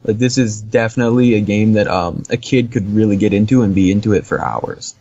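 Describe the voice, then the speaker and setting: A man's voice: fairly low pitch, fairly quick, darkish tone, no room sound, highs cut off. A man co-hosting a podcast, casually rambling through a game review with lots of fillers and easy laughs. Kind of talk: casual chat.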